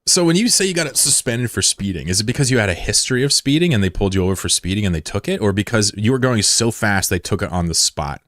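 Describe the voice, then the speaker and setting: A man in his thirties from the United States, chatting casually on a live stream with swearing and sudden high yelps of surprise. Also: lively intonation, quick pace, fairly bright tone, dry recording, clean studio sound. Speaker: game streamer.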